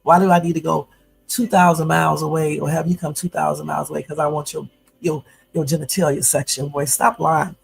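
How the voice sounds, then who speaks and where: A woman's voice: deep voice, little pitch movement, a little fast, gravelly, faint music behind, low-quality recording. A woman in her fifties hosting a casual livestream from home, chatty and full of fillers, turning blunt and confrontational. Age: 50s. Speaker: YouTube livestream host.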